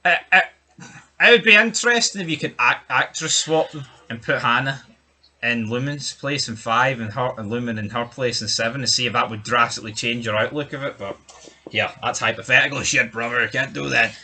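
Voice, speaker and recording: A man's voice: mid-range voice, brisk, sharp tone. A man co-hosting a TV review podcast, bantering casually with crude jokes and what-if musings. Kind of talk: casual chat.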